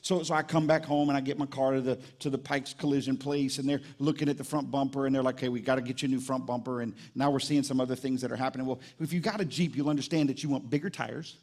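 A man, a pastor preaching a live sermon at a church service in an animated, conversational storytelling way. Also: mid-range voice, fast, hardly any pauses.

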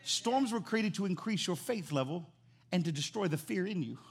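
A man preaching a sermon as pastor, animated and emphatic, repeating phrases for emphasis. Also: sits high, moderate pace, breathy edge.

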